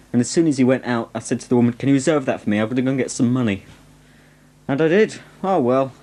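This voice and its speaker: Chatty northern English man, mellow voice. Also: medium pitch. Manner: chatty and self-mocking, cheerful rambling asides. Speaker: home video host. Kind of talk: casual rambling home video chat. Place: at home, indoors. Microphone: camcorder microphone on a tripod. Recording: 1990s camcorder home video.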